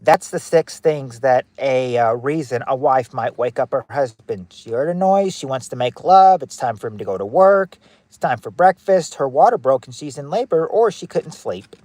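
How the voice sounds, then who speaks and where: A man's voice: mid-range voice, lively intonation, moderate pace, darkish tone, no echo. A man hosting a family quiz game on a livestream, reading questions and chatting with viewers by name, often repeating himself. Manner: chatty, repeats phrases, reacts to chat names.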